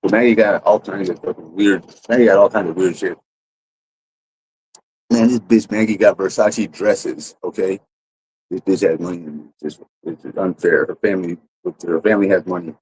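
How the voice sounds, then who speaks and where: A man's voice: deep voice, moderate pace, darkish tone, a little hiss or hum, low-quality recording. A man telling a rambling, profane story to his livestream audience in a casual way, full of restarts. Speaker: streamer.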